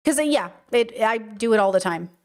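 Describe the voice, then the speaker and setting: A woman's voice: a little high, expressive, a little fast, a little mellow. A young woman hosting a casual livestream podcast, talking in an emphatic, chatty way with many fillers and restarts. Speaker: podcast host.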